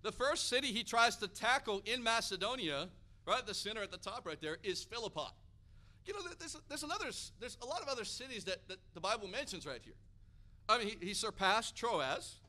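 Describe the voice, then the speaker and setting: An American man preaches with a high, ringing voice that is bright and cutting. He delivers the sermon with energy and often climbs to loud, emphatic peaks. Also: sing-song, fairly quick.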